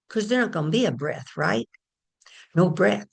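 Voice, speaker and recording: A woman's voice: medium pitch, expressive, moderate pace, gravelly, breathy edge. A woman giving a casual spiritual talk, telling a story in a chatty way and addressing her listeners directly. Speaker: spiritual teacher.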